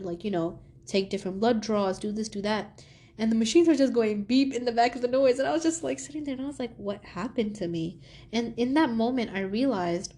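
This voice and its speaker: A young woman hosting a podcast, telling a personal story in a casual monologue and acting out the quoted lines with sudden jumps in pitch. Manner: animated, acts out quoted dialogue with pitch jumps. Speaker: podcast host.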